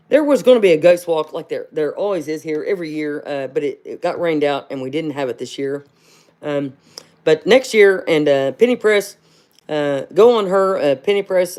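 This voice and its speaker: A woman's voice: low-pitched, a little mellow. A middle-aged woman, hosting a casual livestream, rambling and chatty, calling viewers honey and firing off rhetorical questions. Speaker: livestream host.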